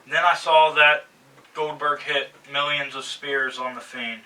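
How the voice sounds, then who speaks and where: A man's voice: a little high, steady tone, unhurried, sharp tone, far from the mic, low-quality recording. A man hosting a wrestling review show, talking casually and growing exasperated as he rants. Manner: exasperated, ranting, sarcastic. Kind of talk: casual opinionated commentary.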